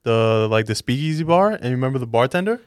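A man's voice: mid-range voice, animated, fast, dry recording, clean studio sound. A young man with a New York accent, co-hosting a casual podcast with a laid-back, agreeable manner. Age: young adult. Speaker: podcast co-host. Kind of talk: casual chat.

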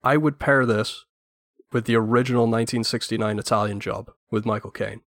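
A man's voice: lowish voice, fairly even intonation, brisk, fairly bright tone, no echo, clean studio sound. A man guesting on a film podcast, talkative and enthusiastic, giving strong opinions at length. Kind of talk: casual film podcast chat.

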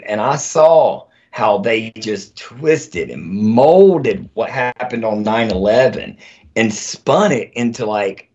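With a lowish voice, a man who served in the army swaps stories as a guest in a relaxed conversation, animated and cursing freely. The recording is dull and lo-fi.

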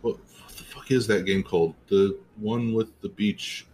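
A man's voice: fairly low pitch, steady tone, unhurried, a crowd in the background, rough recording. A man in a casual stream chat who talks hesitantly, searching for words, with faint music in the background. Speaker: guest.

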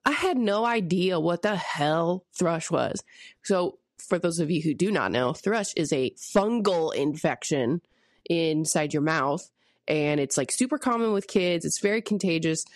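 A woman's voice: fairly low pitch, expressive, unhurried, no room sound, clean studio sound. A woman co-hosting a podcast, chatting casually and candidly about parenting and work, swearing freely and telling stories with animation. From St. Louis area. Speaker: podcast co-host; parent of a young daughter. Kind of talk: casual chat.

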